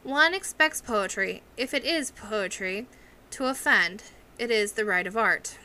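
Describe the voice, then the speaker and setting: A woman's voice: a little high, very animated, moderate pace, sharp tone. A woman voicing a pompous, theatrical older headmistress with a grand, carrying manner in an audiobook reading. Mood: lofty. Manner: grand, carrying, self-dramatizing.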